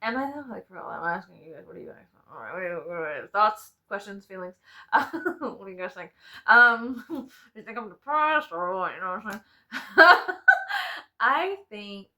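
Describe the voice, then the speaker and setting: A woman's voice: mid-range voice, lively intonation, normal speed, bright, forceful tone. A young woman telling a casual story to her subscribers, laughing often, swearing freely and mocking herself dramatically. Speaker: vlogger.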